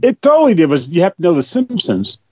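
A man with a high voice who rambles through stories in casual group chat and laughs often. He talks in an animated way. The recording sounds dull and lo-fi. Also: fast talker, breathy edge.

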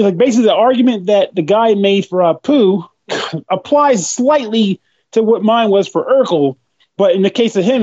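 A man's voice: high-pitched, darkish tone. A man chatting casually with friends, rambling through stories and laughing often as he talks. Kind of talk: casual group chat. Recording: dull lo-fi recording.

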